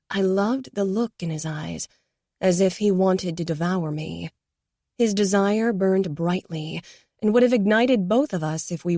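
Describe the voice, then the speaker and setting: A woman narrating a first-person romance audiobook in a soft, intimate manner. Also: mid-range voice, dry recording, studio quality. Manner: soft, intimate, hushed at times.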